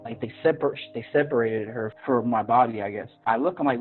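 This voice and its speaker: Over tinny phone-line audio with faint music, a podcast guest with a husky, mid-range voice talks fairly quickly. He earnestly shares a personal story, raising his voice to act out how he reacted back then.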